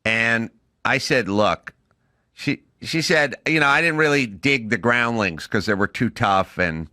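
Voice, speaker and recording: A middle-aged man hosting a podcast, telling stories in casual chat and acting out quotes loudly. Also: medium pitch, measured pace, dry recording, clean studio sound. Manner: animated storyteller, acts out quotes loudly. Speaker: podcast host.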